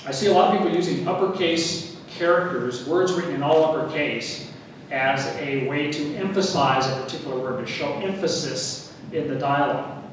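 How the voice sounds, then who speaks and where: A man giving a workshop talk on writing at a writers' meeting, teaching in a relaxed way with wry asides. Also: on the high side, moderate pace. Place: meeting hall. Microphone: room recording from a distance. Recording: echoey hall recorded from far off with noise.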